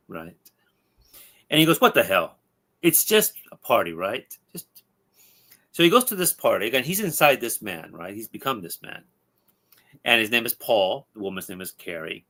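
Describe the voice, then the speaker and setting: Male podcast host, lively storyteller, bright tone. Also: on the low side. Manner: animated storyteller with tag questions. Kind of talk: retelling a comic story.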